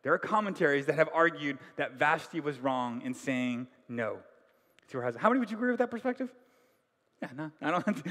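A man preaching a sermon, telling the story with animated voices and putting questions to the congregation. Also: on the high side, a little fast. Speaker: pastor. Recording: long hall reverb.

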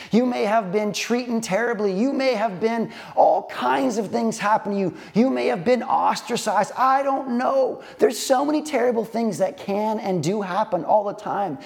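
Young guy pastor, slightly high voice, earnest, repeats lines with big pauses. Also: vocal fry, a little mellow. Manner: earnest, repetitive preaching cadence with slow emphatic pauses. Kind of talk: sermon.

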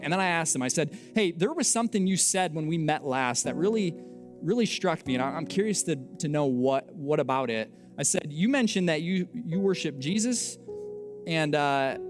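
Animated storytelling pastor, man. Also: fairly high pitch. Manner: animated, self-mocking, acts out dialogue. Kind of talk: storytelling sermon.

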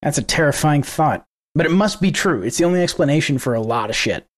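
Podcast co-host, male, casual and rambling, restarts a lot, mid-high voice. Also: lively intonation, fast. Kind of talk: casual political podcast chat.

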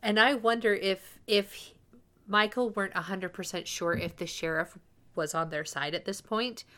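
A woman talks through a TV episode with her co-host in a loose, conversational way. She fills her sentences with small asides and fillers. Her voice sits at an ordinary middle pitch. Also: normal speed, fairly bright tone. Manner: chatty, with frequent fillers and asides. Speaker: podcast co-host. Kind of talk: casual TV recap chat.

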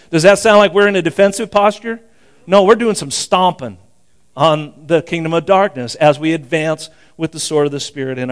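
Conversational older preacher, smooth higher voice. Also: male voice. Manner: conversational preaching with frequent asides and restarts. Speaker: pastor. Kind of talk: sermon.

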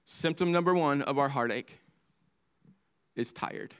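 A man preaching a sermon as pastor, swinging from impassioned highs to hushed lows. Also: unhurried, clear, resonant tone.

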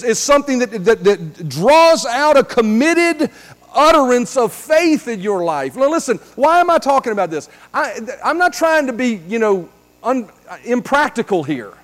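High-voiced preaching man in reverberant hall. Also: big pitch swings, a little fast. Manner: preaching with dramatic swings from hushed to shouting. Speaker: pastor. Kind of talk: sermon.

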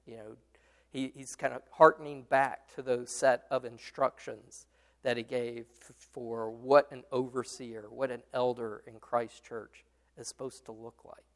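A man's voice: medium pitch, little pitch movement, measured pace. A man leading a Bible study discussion, explaining a passage with many fillers and restarts and answering his students. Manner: explains patiently, responds to students.

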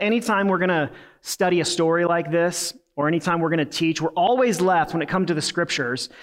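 A man preaching a sermon in an earnest, conversational way, with casual fillers and restarts. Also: on the high side. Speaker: pastor.

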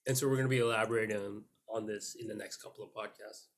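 A man's voice: lowish voice, steady tone, quick pace, very noisy. A young man hosting a podcast, telling a rambling story with crude jokes in casual banter. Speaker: podcast host.

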